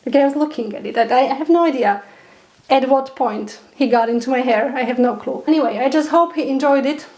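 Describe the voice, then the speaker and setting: Young woman vlogger, high voice, chatty and animated, laughs often; casual storytelling to camera. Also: brisk. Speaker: pet spider keeper vlogger.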